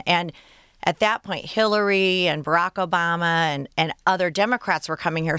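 A woman's voice: low-pitched, a bit bright, clean tone, no echo, studio quality. A woman from Michigan, a guest on a radio interview, telling stories in short, earnest clauses.

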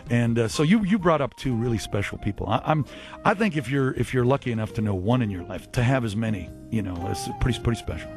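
A man who is a musician and a radio guest, telling chatty, animated anecdotes with false starts. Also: mid-range voice, fast, vocal fry, faint music behind. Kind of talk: anecdotal storytelling.

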